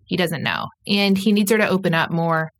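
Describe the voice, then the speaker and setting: A woman's voice: on the low side, fairly quick. A woman co-hosting a podcast, chatting casually and recapping a show, with frequent "like" fillers and quotes she acts out. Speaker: podcast co-host.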